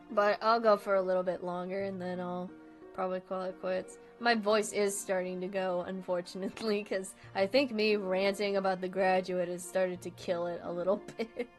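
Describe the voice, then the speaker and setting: A woman's voice: mid-range voice, fairly even intonation, moderate pace, soft background music. A young woman streaming and chatting casually, rambling from thought to thought, laughing often and swearing freely.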